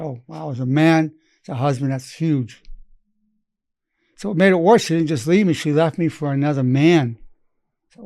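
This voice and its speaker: A man's voice: fairly high pitch, a little mellow, dry recording, studio quality. A man in his eighties, a psychologist, teaching a lesson through stories about his patients and the words they said. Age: 80s. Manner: anecdotal, quotes patients in his own voice. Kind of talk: storytelling lesson.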